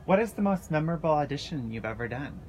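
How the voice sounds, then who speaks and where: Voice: mid-range voice, expressive, fast talker, a little mellow, slight background noise. Host reading out viewer questions. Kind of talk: live interview.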